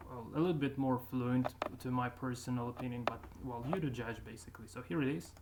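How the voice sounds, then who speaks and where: A man's voice: mid-range voice, fast. A man commenting casually on his own old videos, talking hesitantly with many fillers and restarts. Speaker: YouTuber reviewing his own accent progress. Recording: steady background noise.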